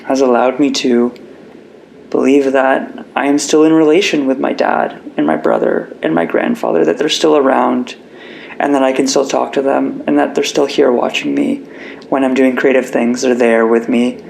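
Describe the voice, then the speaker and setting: A man's voice: medium pitch, fairly even intonation, moderate pace, creaky, darkish tone, a little hiss or hum, rough recording. A young man as an interview guest, talking earnestly and reflectively about his life, with emotion close to the surface. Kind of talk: candid personal interview.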